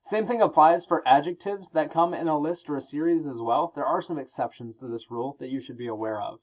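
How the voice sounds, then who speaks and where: A male teacher explaining grammar rules in a recorded lesson, reading example sentences aloud and pausing between items. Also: fairly high pitch, muffled recording.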